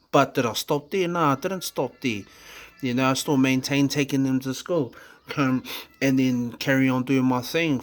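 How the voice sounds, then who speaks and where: Sharing his recovery story, this medium-pitched vlogger from New Zealand speaks with a New Zealand accent. He's candid but halting, restarting often, using fillers and swearing casually.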